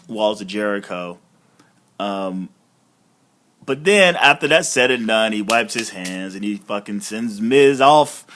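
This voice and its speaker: A man's voice: fairly low pitch, a bit bright. A man hosting a casual review podcast, rambling with fillers and swearing. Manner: rambling, profane, many fillers. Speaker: podcast host. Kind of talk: casual wrestling review chat.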